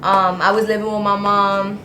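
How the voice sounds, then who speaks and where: A woman's voice: mid-range voice, level tone, moderate pace, pushed and bright. A young woman telling a personal story to her viewers in a casual, rambling way, with plenty of "like"s. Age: young adult. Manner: talks in long run-on rambles with many "like"s. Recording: echoey room with faint noise.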